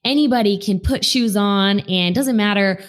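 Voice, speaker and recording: A woman's voice: mid-range voice, normal speed. A woman hosting a casual podcast interview, chatty and enthusiastic, with a loose, conversational way of asking questions. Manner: chatty, enthusiastic, uses fillers like "like" and "you know". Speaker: podcast host.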